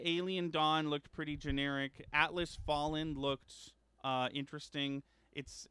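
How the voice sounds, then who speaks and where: A man hosting a casual gaming news chat, rambling with lots of ums and uhs and correcting himself, getting excited about upcoming games. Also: mid-range voice, smooth, no room sound. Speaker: gaming news show host.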